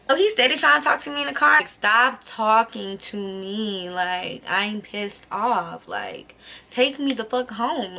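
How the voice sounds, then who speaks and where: A young woman telling a storytime vlog in casual chat, animated and profane, leaning on "like" and acting out quoted lines with big pitch jumps. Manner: animated, profane, heavy use of "like". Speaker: vlogger.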